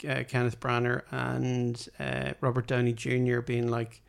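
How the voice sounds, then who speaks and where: A man with a mid-pitched, gravelly voice co-hosts a laid-back film chat. He is agreeable and quick to chime in. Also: completely flat delivery. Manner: easygoing, agreeable, quick interjections. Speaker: podcast co-host. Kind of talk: casual film review chat.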